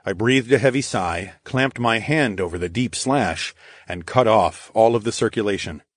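A man narrating a first-person audiobook in a steady, measured way. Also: on the low side, dry recording, studio quality.

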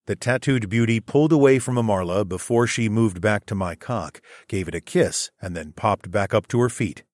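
Low-voiced male audiobook narrator. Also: moderate pace, no room sound, studio quality. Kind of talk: first-person audiobook narration.

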